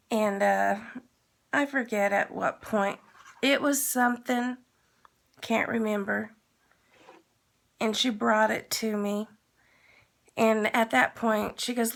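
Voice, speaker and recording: A woman's voice: on the high side, takes it slowly, gravelly, long pauses. A woman vlogger telling a long story in a casual, rambling way and acting out the dialogue. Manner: rambling, retells with quoted dialogue.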